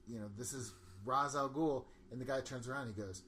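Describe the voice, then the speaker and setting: A man in casual conversation, talking at an ordinary pitch with a rambling, excitable flow and frequent laughter. He acts out quotes as he goes. A faint hiss sits under the voice. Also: fast. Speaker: podcast co-host. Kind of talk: casual movie discussion.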